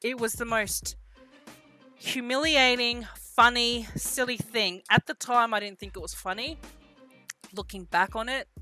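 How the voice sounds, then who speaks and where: Young woman, bright tense voice, casual self-mocking storyteller, faint music under her. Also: fairly high pitch. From Australia. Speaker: vlogger.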